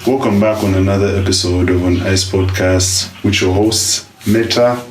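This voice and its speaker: Man, podcast co-host, low voice, casual storytelling, echoey room, mic a bit far off. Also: normal speed, soft background music. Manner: relaxed, laughing, loose storytelling.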